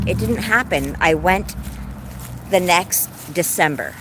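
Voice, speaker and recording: Woman, 40s, lower register, effusive heartfelt livestreamer on a walk, faint road noise. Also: lively intonation, slow pace. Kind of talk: casual livestream chat while walking. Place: outdoors on a walk.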